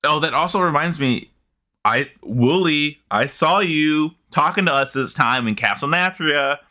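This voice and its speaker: A man co-hosting a casual gaming podcast from home, excitable, often gasping and laughing. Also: a little high, a little slow. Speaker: podcast co-host. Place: home, sitting beside co-host.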